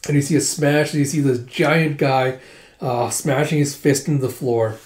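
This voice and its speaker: A man's voice: medium pitch, steady tone, moderate pace, a little mellow. Laid-back man recapping a comic. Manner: laid-back, with fillers and laughs. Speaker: comic readthrough host. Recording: roomy echo.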